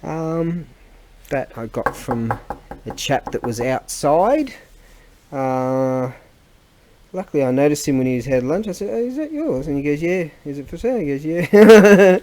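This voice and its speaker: Aussie bloke vlogging at home, mellow low-key voice, keeps losing his train of thought. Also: slight background noise. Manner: rambling, self-interrupting, chuckling. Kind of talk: casual rambling vlog chat.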